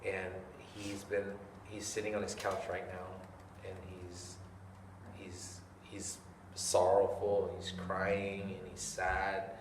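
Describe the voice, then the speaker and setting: Low-voiced man telling a story, roomy. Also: slow. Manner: animated, acts out other people's lines, laughs often. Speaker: interview guest. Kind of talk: casual storytelling. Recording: roomy, distant mic, faint background noise.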